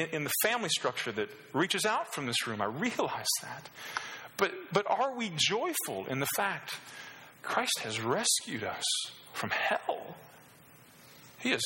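A man's voice: on the high side, bright, forceful tone. A middle-aged male pastor preaching a sermon, passionate, asking the congregation rhetorical questions and pushing his voice up on key phrases. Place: church hall. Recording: echoey church hall.

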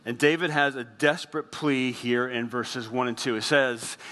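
A man preaching a sermon as pastor, earnest, slowing down and dropping his voice on heavy phrases. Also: medium pitch, steady tone, bright, forceful tone, big-room sound.

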